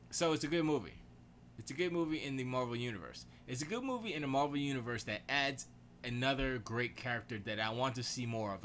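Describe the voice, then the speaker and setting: Bright-voiced man in slangy, rambling chat. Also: mid-range voice, a little hiss or hum. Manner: loose, excitable, slangy rambling. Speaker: live-stream host. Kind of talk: casual gaming and movie chat. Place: home studio.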